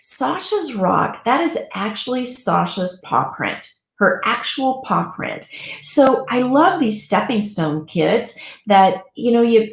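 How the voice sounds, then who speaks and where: A woman co-hosting a talk show, chatting in an animated, gushing way about crafts for grieving children. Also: on the high side, echoey room. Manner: warm, animated, gushing storyteller. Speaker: pet loss guide and co-host. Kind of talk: casual talk show chat.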